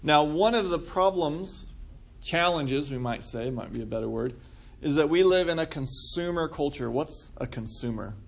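Male pastor, relaxed teaching sermon, asks the room questions, slightly high voice. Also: normal speed, vocal fry. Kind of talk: conversational sermon.

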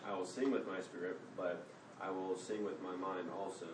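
A man in a Bible study group, reading aloud and commenting in a measured way. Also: low-pitched, flat delivery, echoey room, far from the mic, noisy background.

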